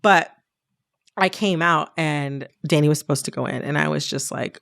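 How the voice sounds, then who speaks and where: A woman co-hosting a podcast, telling personal stories in an animated, laughing way. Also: fairly low pitch, a little fast, vocal fry. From Detroit area. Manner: animated storyteller, laughs often. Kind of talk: casual storytelling chat.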